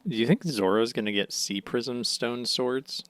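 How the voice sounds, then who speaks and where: A man's voice: medium pitch, a little slow. A man co-hosting a podcast in casual chat, enthusiastic, riffing in silly bits and laughing often. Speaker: podcast co-host.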